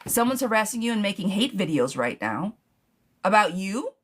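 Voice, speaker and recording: A woman's voice: mid-range voice, sing-song, normal speed, husky. A woman giving a chatty live tarot reading, calling viewers darling and girl as she answers their questions. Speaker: tarot reader.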